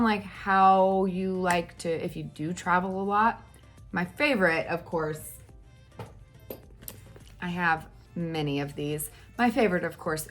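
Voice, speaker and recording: Woman in her 30s doing a casual makeup tutorial at home, lowish voice, chatty and animated, soft music behind. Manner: chatty and animated, with fillers and exclamations. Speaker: makeup vlogger.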